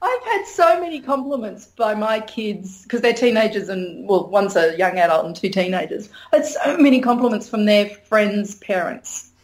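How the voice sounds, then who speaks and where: A woman's voice: medium pitch, expressive, normal speed, few pauses. A middle-aged woman, talking frankly as an interview guest and laughing often. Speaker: interview guest, sex educator. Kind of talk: candid conversational interview.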